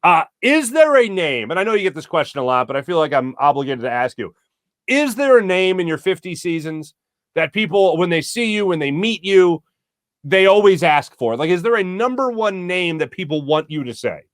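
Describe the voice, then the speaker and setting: Male sports talk host, excited and gushing, fairly high voice, dry sound. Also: normal speed, no echo. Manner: excited, gushing, animated storytelling. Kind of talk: enthusiastic interview chat.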